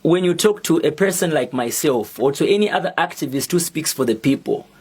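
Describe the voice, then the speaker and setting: A young Zambian man with a Zambian accent, speaking as an activist in a prepared public statement, slow, deliberate and defiant. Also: on the high side, animated, a little mellow, breathy edge. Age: young adult.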